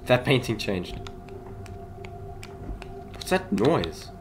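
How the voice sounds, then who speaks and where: A man's voice: medium pitch, big pitch swings, extremely slow, music in the background. A young man giving jittery commentary on a horror game he is playing, talking back to it and yelping when startled. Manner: jittery, talks to the game, yelps in panic. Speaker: gaming YouTuber.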